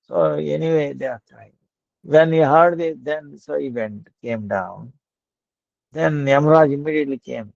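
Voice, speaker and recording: A man's voice: a little high, measured pace, gravelly, darkish tone, dry recording. A man preaching a devotional sermon as a folksy, chuckling storyteller. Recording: dull lo-fi dry recording.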